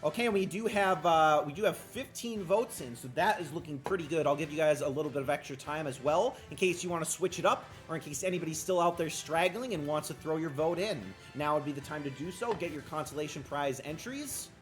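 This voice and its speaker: A man with a Wisconsin accent hosting a live-streamed tournament, chatting with viewers and calling the matches play by play, getting excited as the action builds. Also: on the high side, fairly quick, hardly any pauses, soft background music. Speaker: tournament host and commentator.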